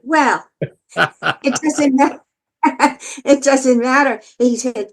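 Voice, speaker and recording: An older woman entertainer telling stories as a guest, lively and theatrical, often laughing. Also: fairly high pitch, slow pace. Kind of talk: storytelling interview.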